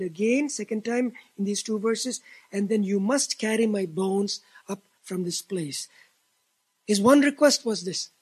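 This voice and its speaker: A man preaching a sermon, reading scripture aloud and explaining it with emphatic restarts and a husky voice. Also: sits high, moderate pace, darkish tone, rough recording. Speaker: pastor.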